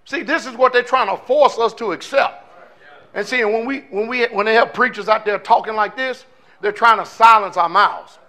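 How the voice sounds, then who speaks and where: With a high, bright voice at a moderate pace, a pastor delivers a sermon in a fiery, conversational manner. He speaks forcefully and plainly, repeatedly posing rhetorical questions to the congregation.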